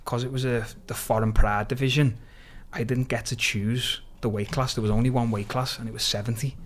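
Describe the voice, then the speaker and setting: A man's voice: mid-range voice, fairly quick. Slangy young Scouse man telling stories. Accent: Liverpool (Scouse). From Liverpool, England. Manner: animated, slangy, sweary, keeps saying "lad". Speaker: podcast guest, MMA fighter. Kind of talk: casual storytelling.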